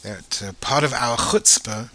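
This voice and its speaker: A man teaching Torah in a lively way, asking his listeners rhetorical questions. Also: mid-range voice, unhurried. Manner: animated, asks rhetorical questions.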